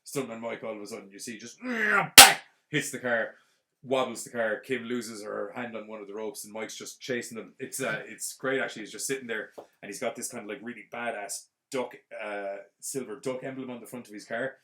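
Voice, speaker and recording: A man, hosting a podcast and retelling a film plot in a casual, rambling, animated way full of fillers. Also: fairly low pitch, a little fast. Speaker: podcast host.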